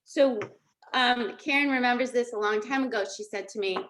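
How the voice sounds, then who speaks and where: A middle-aged woman coaching a group over a video call, with a bright, forceful voice set a little high. She talks with lively energy and keeps checking in with "okay?" and "right?" as she teaches. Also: moderate pace. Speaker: life coach. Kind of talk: live coaching session.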